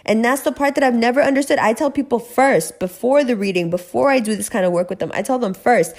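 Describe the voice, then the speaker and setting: A woman's voice: a little high, fast talker, few pauses, a little mellow. A woman hosting a casual monologue, giving emphatic, profane and preachy advice straight to the listener. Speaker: podcast host, spiritual reader.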